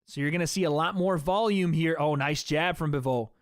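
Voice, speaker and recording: A man with a fairly high, smooth voice calls a fight play by play for his livestream viewers. His talk is loose and chatty, and he keeps turning to the audience as "guys." The sound is dry and close, with no room echo. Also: a little fast. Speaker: livestream host. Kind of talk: casual play-by-play commentary.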